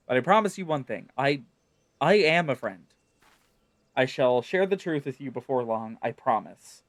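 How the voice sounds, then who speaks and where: A man's voice: mid-range voice, expressive, moderate pace, no echo, natural voice. A man voicing a frail, wounded young woman in a game, speaking faintly and pleading earnestly.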